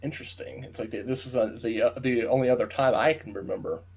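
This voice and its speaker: Husky-voiced man chatting on a podcast. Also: medium pitch, fast, darkish tone. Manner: explains plot details at length, trailing off into asides. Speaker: podcast co-host. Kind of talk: casual book discussion chat.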